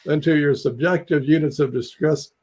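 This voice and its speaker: Older man, husky voice, rambling storyteller, video call talk. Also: fairly high pitch, normal speed, darkish tone. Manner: rambling storyteller with chuckles and fillers. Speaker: psychologist guest.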